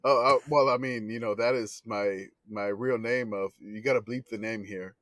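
A man's voice: lowish voice, fairly even intonation, normal speed, a bit bright, no room sound. A man co-hosting a casual comedy podcast, rambling with restarts and laughing often. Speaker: podcast co-host.

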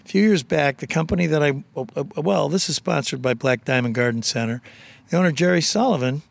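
A man co-hosting a casual on-location interview, telling animated stories and joking with his guest. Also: fairly high pitch, vocal fry. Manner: animated storyteller, quick jokes and impressions. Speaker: radio show co-host.

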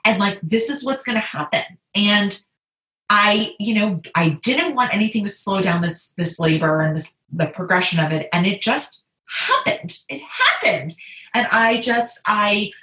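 Animated woman telling a lively story. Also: measured pace. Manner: animated, laughs often, quotes others in high voices. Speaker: guest telling her birth story. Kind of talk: casual personal storytelling. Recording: echoey room.

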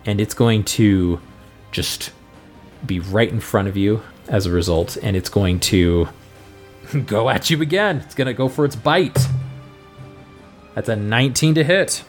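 Man, game master, podcast host, measured descriptive narration, faint music behind. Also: fairly low pitch.

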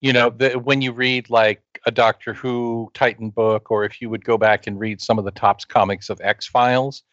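A man co-hosting a podcast in casual chat, jumping in with quick asides. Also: lowish voice, a bit bright, dry recording. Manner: chatty, jumps in with quick asides. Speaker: podcast co-host. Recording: dull lo-fi sound.

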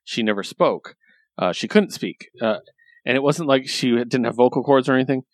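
A man's voice: medium pitch, moderate pace, no room sound. A man hosting a casual talk, recapping stories with enthusiasm and plenty of ums and likes. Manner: enthusiastic, lots of fillers. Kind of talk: casual chat.

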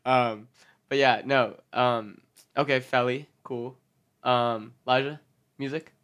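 A man's voice: mid-range voice, fairly even intonation, takes it slowly, a bit bright, clean tone. A man hosting a casual podcast chat with friends, laughing often and moving the talk along. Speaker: podcast host.

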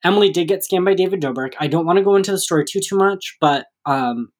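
A man's voice: high voice, fast talker. Blunt, laid-back podcast co-host man. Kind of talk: casual chat over drinks.

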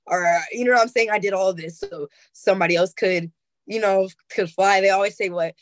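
A woman's voice: mid-range voice, brisk, no echo. A young woman musician speaking candidly and emotionally in a casual interview, swearing freely. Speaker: musician guest.

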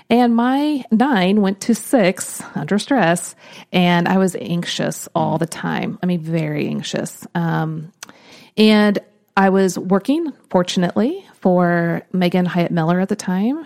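A woman hosting a podcast, telling a personal story in an earnest, reflective way, often trailing off softly. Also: on the low side. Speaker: podcast host.

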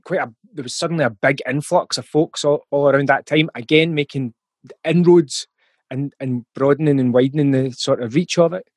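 A man's voice: medium pitch, normal speed, dry recording. Scottish man, thoughtful and dry-voiced. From Scotland. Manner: thoughtful, with frequent ums and restarts. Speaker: musician guest. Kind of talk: casual interview talk.

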